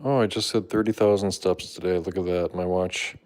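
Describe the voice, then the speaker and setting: A man's voice: steady tone, brisk, a little mellow. A man hosting a casual live stream, chatting to viewers and his cats and thanking supporters. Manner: talks to his cats in a high playful voice. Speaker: livestream host.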